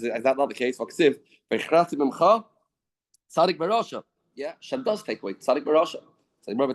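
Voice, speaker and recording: Lively man teaching a Talmud class. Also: mid-range voice. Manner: lively, mixes Hebrew and Yiddish terms into English. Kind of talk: Talmud lecture. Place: study hall.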